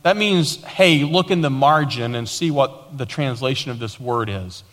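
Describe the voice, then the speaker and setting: A man preaching as a pastor, quoting scripture with emphatic repetition and sudden swings between raised declarations and quieter teaching. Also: medium pitch, normal speed, long reverb tail. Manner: preaching with emphatic repetition, dramatic quoted lines. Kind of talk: sermon.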